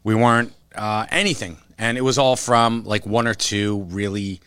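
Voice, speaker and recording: A man co-hosting a casual podcast, telling a story with animated retelling and free swearing. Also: fairly low pitch, moderate pace, clear, resonant tone, no room sound. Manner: animated storytelling, acts out quotes, swears freely. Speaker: podcast co-host, comic shop worker. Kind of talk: casual chat.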